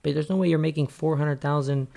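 Animated young man chatting sports. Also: on the high side, quick pace, creaky. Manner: rambling, animated, lots of "like" fillers. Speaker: podcast co-host. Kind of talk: casual sports chat.

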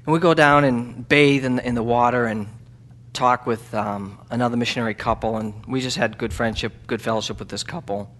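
A man, a missionary, telling a story in a church sermon, halting with ums and restarts, then building to loud fervent preaching. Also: mid-range voice, steady tone. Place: church sanctuary.

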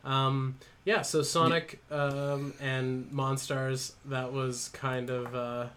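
A man's voice: medium pitch, flat delivery, takes it slowly, a bit bright. Guy on a podcast, jokey and chatty, keeps asking stuff, mid voice. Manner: jokey, laughs easily, asks questions. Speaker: podcast co-host. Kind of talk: casual chat.

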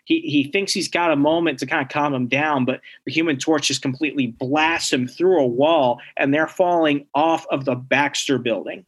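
A man's voice: on the high side, moderate pace, hardly any pauses, husky. A man casually recapping a comic book story, acting out the characters' lines as he goes. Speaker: comic book podcast co-host.

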